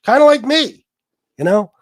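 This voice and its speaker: A man's voice: extremely high pitch, lively intonation, moderate pace, no echo. A man hosting a livestream, ranting casually in a profane, boastful, taunting way. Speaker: livestream host.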